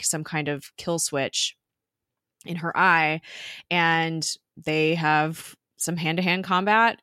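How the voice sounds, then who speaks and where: Podcast co-host, woman, low voice, casual recap, laughs easily. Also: fairly bright tone, smooth, no echo, clean studio sound. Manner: chatty, laughs often, recounts scenes with quoted voices.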